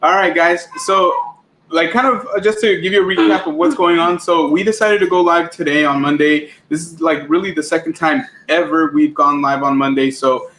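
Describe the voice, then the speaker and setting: A man's voice: a little high, steady tone, moderate pace, a bit bright. A man co-hosting a casual livestream, cheerfully greeting chat viewers by name. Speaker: livestream co-host. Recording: echoey room with faint background noise.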